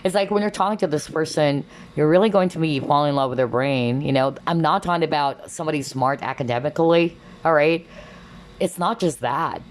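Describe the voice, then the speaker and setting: A woman's voice: deep voice, brisk, slight background noise. A woman giving a chatty collective tarot reading, exclaiming often and filling her talk with fillers. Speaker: tarot reader.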